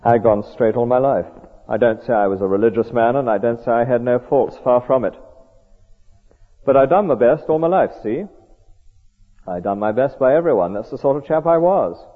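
A man's voice: mid-range voice, normal speed, close to an everyday voice. A man voicing the ghost of a self-satisfied working man, indignant and defensive, read aloud in a sermon. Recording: tinny echoey hall recording.

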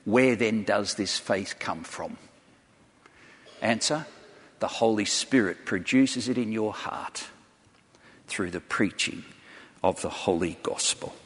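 A man's voice: on the low side, takes it slowly, pauses often, slightly rough. A man preaching a sermon to a large congregation, telling stories earnestly and putting direct questions to his listeners. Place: church hall before a large congregation. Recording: long hall reverb.

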